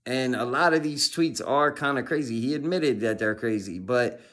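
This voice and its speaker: A man's voice: mid-range voice, normal speed, a bit bright. A man hosting a casual reaction stream, laid-back, full of fillers. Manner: laid-back, lots of fillers like "you know what I mean".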